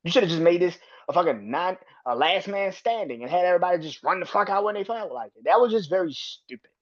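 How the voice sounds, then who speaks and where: A man's voice: high voice, expressive, quick pace. Profane ranting man on a lo-fi mic. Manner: profane, ranting, repetitive restarts. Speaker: podcast host. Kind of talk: solo wrestling review podcast.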